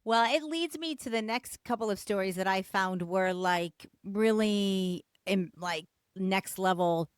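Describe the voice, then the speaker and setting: Woman podcast host, laid-back chatter, smooth voice, dry close sound. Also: mid-range voice, unhurried, hardly any pauses, no echo. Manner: relaxed, chatty, fills with "like" and "man". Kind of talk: casual chat.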